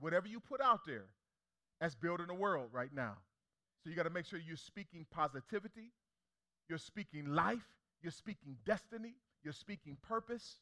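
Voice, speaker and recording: A young male pastor preaching with a high, very bright, ringing voice. He drives points home through repetition and keeps throwing questions out to the congregation. It sounds like a lively sermon delivered from the pulpit. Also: normal speed. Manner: preacherly call-and-response, emphatic repetition.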